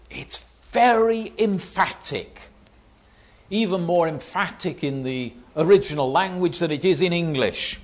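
A man preaching a sermon, building to loud emphatic stresses on key words. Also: a little high, big pitch swings, slow pace, dull audio.

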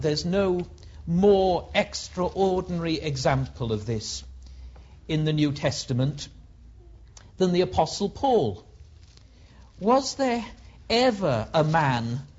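A preacher giving a slow, emphatic sermon with dramatic rises, on a dull lo-fi recording. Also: medium pitch, lively intonation, darkish tone.

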